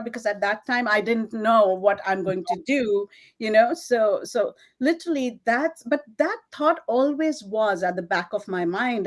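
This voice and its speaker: A middle-aged woman from India with an Indian English accent, telling her story in an interview, animated and laughing often, with many fillers. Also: mid-range voice. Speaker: guest, fashion designer.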